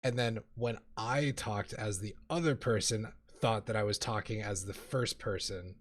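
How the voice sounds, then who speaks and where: Low-voiced man telling a story. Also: normal speed. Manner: rambling anecdote, laughing at himself. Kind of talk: casual group chat.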